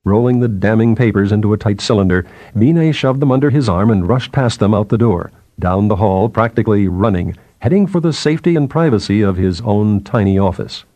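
A man reading an audiobook in a measured, expressive manner. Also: fairly low pitch, dry recording. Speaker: audiobook narrator. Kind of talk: scripted narration.

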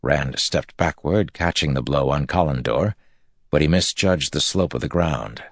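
A man with an extremely deep voice reads an epic fantasy audiobook in steady, measured phrasing. The recording is close and dry, with no room sound at all. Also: no room sound. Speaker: audiobook narrator. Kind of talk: scripted fantasy narration.

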